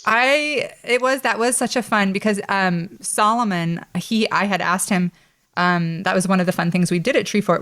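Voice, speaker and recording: A woman's voice: lowish voice, smooth. A woman hosting a podcast, chatting casually with a friend and laughing often as she tells stories. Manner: warm, laughing, chatty storyteller. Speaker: podcast host.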